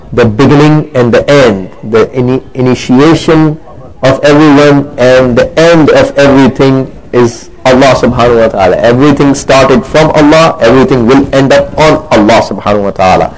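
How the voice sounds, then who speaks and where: A man giving a religious lecture, explaining slowly in English mixed with Arabic terms and often checking that listeners follow. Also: medium pitch, rough recording. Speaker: Islamic teacher.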